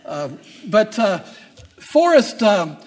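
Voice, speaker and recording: High-voiced older man preaching a sermon. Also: normal speed. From Texas. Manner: storytelling, humorous asides, rising emphasis. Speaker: pastor. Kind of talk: sermon with personal story.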